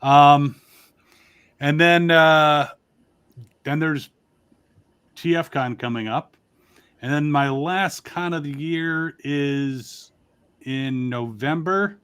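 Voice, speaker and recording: A man's voice: a little high, slow pace, pauses often, a bit bright, clear, resonant tone. A man from Connecticut, a toy reviewer in a casual livestream chat, rambling and joking in a plain broadcaster-style manner over a video call.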